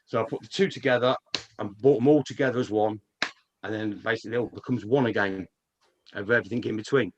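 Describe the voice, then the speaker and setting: A man's voice: lowish voice, fairly even intonation, fast talker, highs cut off, noisy background. A man, rambling through a casual story with frequent swearing and restarts, speaking as a guest on a live online stream.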